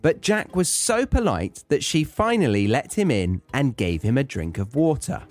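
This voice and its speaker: A man's voice: mid-range voice, very animated, normal speed, soft background music. Wry British man reading a story. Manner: wry, joking asides. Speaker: podcast host. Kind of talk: story reading with comic commentary.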